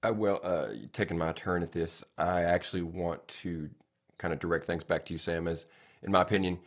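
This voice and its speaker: A man co-hosting a podcast in casual discussion, speaking haltingly and searching for words. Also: sits low, steady tone. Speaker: podcast co-host.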